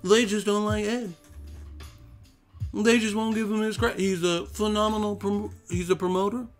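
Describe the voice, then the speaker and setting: A man's voice: high-pitched, flat delivery, normal speed, soft background music. A man hosting a boxing live stream, ranting in a profane, confrontational way. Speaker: boxing channel host.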